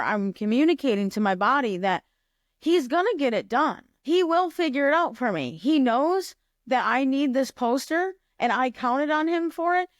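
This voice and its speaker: A woman's voice: high voice, no room sound, studio quality. A woman co-hosting a podcast, telling a personal story in a casual, reflective way. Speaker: podcast co-host. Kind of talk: casual chat.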